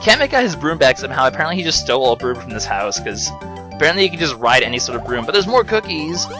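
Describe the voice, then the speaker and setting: A man's voice: medium pitch, sing-song, fast talker. A young man giving casual, sarcastic commentary over a video game playthrough. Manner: sarcastic, mocking, joking asides. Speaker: let's play commentator. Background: game music.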